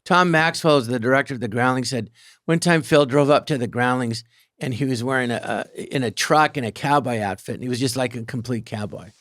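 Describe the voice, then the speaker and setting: A man telling stories as a guest on a live podcast, animated and quick to slip into character voices. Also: medium pitch, dry recording, studio quality. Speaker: guest comedian. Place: theater stage.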